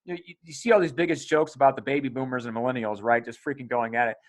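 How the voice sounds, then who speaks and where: A man hosting a podcast in casual conversation, energetic, swearing freely and acting out quotes of other people. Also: medium pitch, racing. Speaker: podcast host.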